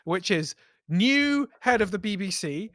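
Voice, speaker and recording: A man's voice: high-pitched, expressive, measured pace, a bit bright, dry recording, studio quality. A young man co-hosting a comedy podcast, rambling through a story with self-corrections and swearing. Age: young adult. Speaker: podcast co-host. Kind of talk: casual comedy podcast banter.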